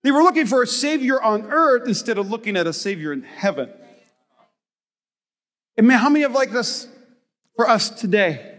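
A man in his thirties preaching a sermon as pastor, animated and joking, rising to shouts for emphasis. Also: very high voice, normal speed, long pauses. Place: church hall. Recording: reverberant hall.

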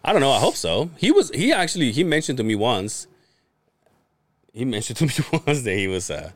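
Lively-pitched man telling crude stories. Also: brisk, no echo. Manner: profane storytelling, laughing often. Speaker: podcast co-host. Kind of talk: casual chat.

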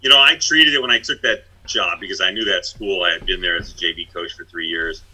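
A man's voice: sits low, fast talker, pushed and bright, poor audio. A middle-aged man, a former basketball head coach, telling stories in a blunt, self-deprecating way. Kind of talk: casual chat.

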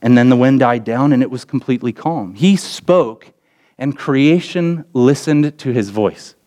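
A young adult man, a pastor, preaching a sermon and telling a story with lively acted quotes. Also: unhurried. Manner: storytelling with acted quotes, pitch jumping up in excited parts.

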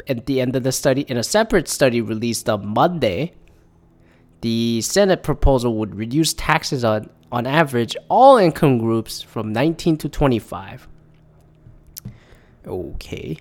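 A man's voice: medium pitch, lively intonation, normal speed. A man in his thirties giving profane, sarcastic commentary, reading news statements aloud and reacting to them. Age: 30s. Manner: sarcastic, swears a lot.

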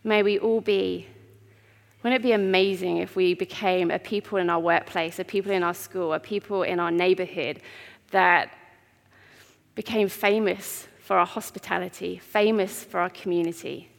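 A woman giving an earnest, heartfelt sermon in a church, with pauses. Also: on the low side, fairly even intonation, vocal fry. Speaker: preacher. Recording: long reverb of a church hall.

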